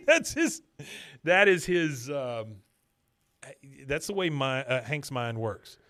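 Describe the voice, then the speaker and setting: A man hosts a casual podcast, recapping a cartoon episode in an easygoing, talkative way. His voice sits at an ordinary middle pitch. It is recorded dry, with no room echo. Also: very slow. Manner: recaps scenes in a relaxed, chatty way and acts out quotes. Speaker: podcast host.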